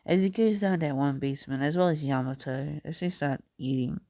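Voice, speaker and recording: Halting, rambling male storyteller. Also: on the high side, mellow, no echo, studio quality. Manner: halting and rambling, with many restarts. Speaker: fan fiction storyteller. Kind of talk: improvised casual storytelling.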